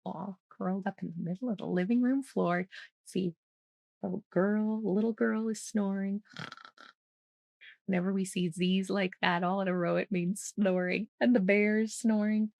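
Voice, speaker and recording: A woman's voice: mid-range voice, fairly even intonation, unhurried, vocal fry, a little mellow, no echo. A woman who grew up speaking reads a children's picture book aloud, with playful asides and frequent laughter. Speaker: children's storytime host.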